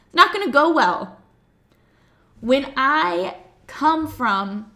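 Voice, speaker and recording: A woman coach giving a playful, animated motivational talk. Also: sits high, takes it slowly, gravelly, pauses often. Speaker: self-love coach. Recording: roomy echo.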